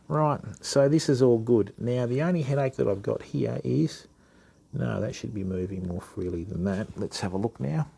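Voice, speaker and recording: Aussie bloke from WA doing a live fishing reel demo, chatty, calls everyone mate, warm dark-ish voice. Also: male voice, medium pitch, moderate pace, creaky, husky. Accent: Australian. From Western Australia. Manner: casual, matey, chats to viewers while working. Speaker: fishing channel host.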